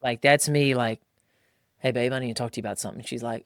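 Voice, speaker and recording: Speaking fairly quickly in a medium-pitched voice, a podcast host in his thirties chats casually, recorded dry with clean studio sound. He acts out quotes as he tells his stories animatedly, peppering them with slang like "like" and "bro."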